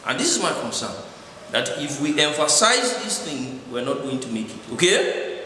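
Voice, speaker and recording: A man's voice: fairly high pitch, big pitch swings, moderate pace, bright, forceful tone. A man preaching a sermon in a church hall, checking in with his listeners after each point. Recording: echoey hall with long reverb, faint noise.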